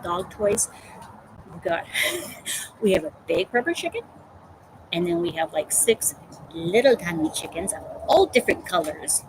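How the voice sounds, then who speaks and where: A woman hosting a casual crafting livestream, telling animated stories about her pet and reading out viewer comments. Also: on the low side, background noise. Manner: chatty storytelling, animated. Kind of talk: casual chat.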